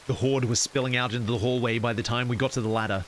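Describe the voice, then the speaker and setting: A man's voice: medium pitch, fairly even intonation, fast talker, a little hiss or hum, low-quality recording. A man streaming, casually reading a horror story aloud and cracking jokes to chat. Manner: casual, wisecracking asides to chat.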